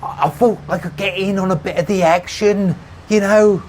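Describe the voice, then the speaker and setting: A man doing a shifty Cockney chancer who drawls and hollers to be heard. The voice jumps far above the reader's own, loud and strained in this audiobook scene. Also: sits high, steady tone, moderate pace, slight background noise, voice pushed up, natural voice. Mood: sheepish. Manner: yelling, drawling. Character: Cockney man, shifty and eager, shouting over traffic.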